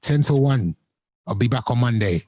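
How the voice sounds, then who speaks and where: A man, a radio presenter co-hosting a casual podcast, talking in an animated, mocking way. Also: medium pitch, normal speed, no echo. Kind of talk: casual chat.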